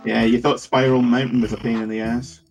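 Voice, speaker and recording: A man co-hosting a game stream, chatting in a relaxed, agreeable way. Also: medium pitch, fairly quick, over music. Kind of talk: casual let's-play commentary.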